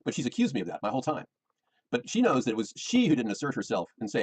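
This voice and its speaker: A man's voice: medium pitch, sing-song, fast, breathy edge, rough recording. A middle-aged American man, rambling and defensive, repeating himself as he complains about his personal life. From United States.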